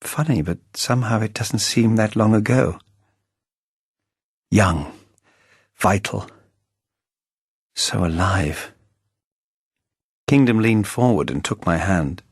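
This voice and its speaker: A man's voice: lowish voice, lively intonation, slow pace, long pauses, breathy edge, dry recording. A man narrating his own novel in the first person in a wry, arch storytelling manner, recorded close on a studio microphone. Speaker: audiobook narrator, the author.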